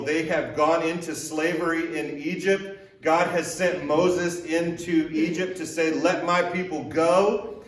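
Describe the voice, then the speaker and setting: A male pastor giving a sermon in a conversational way, using repeated rhetorical questions and light joking. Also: fairly high pitch. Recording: echoey room, voice picked up from a distance.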